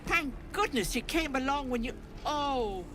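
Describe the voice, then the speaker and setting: An actress voicing a sly old hag who poses as a kindly auntie, cooing and folksy, calling everyone love and sweetie. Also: female voice, sits high, lively intonation, measured pace, noisy background. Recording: game audio with music behind.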